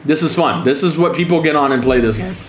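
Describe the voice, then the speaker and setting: A man's voice: quick pace, echoey room. Sarcastic, profane man streaming a game. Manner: sarcastic, taunting, mock-scared high calls. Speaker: gaming streamer. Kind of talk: profane gameplay commentary.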